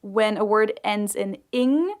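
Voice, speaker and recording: A woman's voice: medium pitch, slow pace. A woman whose first language is German, co-hosting a podcast in English and searching for words in casual chat. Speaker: podcast co-host.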